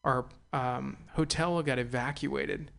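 Young male radio host, smooth resonant voice, loose rambling delivery with fillers. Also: mid-range voice, steady tone, takes it slowly, a bit bright. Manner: rambling, hesitant, with many fillers. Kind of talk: casual radio chat.

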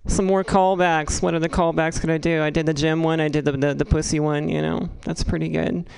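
A woman doing a stand-up comedy set, rambling and halting, with crude asides delivered deadpan. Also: deep voice, creaky, smooth, poor audio.

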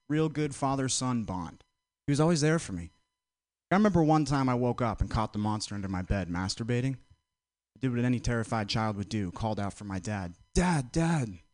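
A man doing stand-up one-liners on a comedy club stage with a dry, deadpan delivery. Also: mid-range voice, no room sound. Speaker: stand-up comic.

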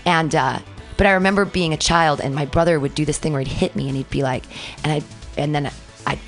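A woman comedian appears as a guest on a podcast, talking at length in a loud, effusive storytelling style during casual chat. Her voice sits a little low for a woman and moves fairly quickly, with soft music playing faintly behind her.

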